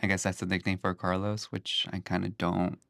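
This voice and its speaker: A man's voice: deep voice, little pitch movement, a little fast, gravelly, a bit bright, no echo, clean studio sound. A young man who DJs, chatting casually as a guest and rambling with plenty of filler words. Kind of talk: casual chat.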